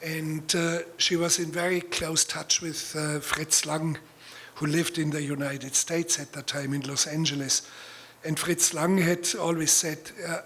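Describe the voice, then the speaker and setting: A man with a German accent, a native German speaker, speaking in a measured, deliberate way as a guest author giving a talk and reading. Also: fairly high pitch, little pitch movement, fairly bright tone, slightly rough. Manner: measured, deliberate speech with pauses and fillers.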